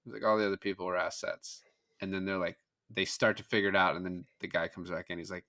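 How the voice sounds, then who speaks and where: A man with a bright, forward voice talks through a film with friends in easy, animated chat. He keeps slipping into quick quoted snippets of the characters as he retells scenes, with plenty of casual fillers. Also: low-pitched. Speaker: podcast guest.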